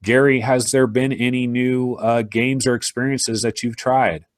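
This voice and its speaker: A man hosting a podcast in casual chat, animated and acting out imagined listeners. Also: mid-range voice, unhurried, dry recording, studio quality. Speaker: podcast host.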